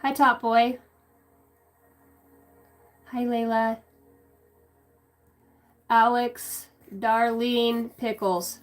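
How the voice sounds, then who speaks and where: With faint music behind her, a woman gives a collective tarot reading live in a fairly high voice with little pitch movement. She draws out her words and pauses often, meandering casually, swearing freely, using many fillers, and chatting with viewers.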